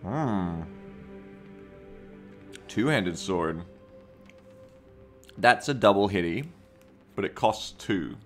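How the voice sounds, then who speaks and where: A man chats his way through a live game stream, reading viewer comments aloud and second-guessing himself. His voice sits a little low but sounds bright and forward. Soft game music plays faintly behind him. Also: expressive, extremely slow, long pauses. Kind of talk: casual live-stream commentary while gaming.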